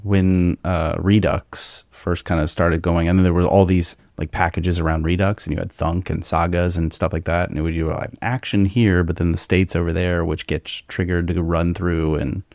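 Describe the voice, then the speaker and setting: A man's voice: deep voice, little pitch movement, vocal fry, a little mellow, no room sound, clean studio sound. A man co-hosting a podcast, joking around and drawing out his words in casual tech chat. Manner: jokey, drawn-out slow phrases. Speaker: podcast co-host.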